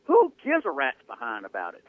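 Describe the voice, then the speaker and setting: A man hosting sports talk radio, ranting with animated sarcasm. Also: mid-range voice, fairly quick, no echo. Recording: dry tinny phone-like radio audio.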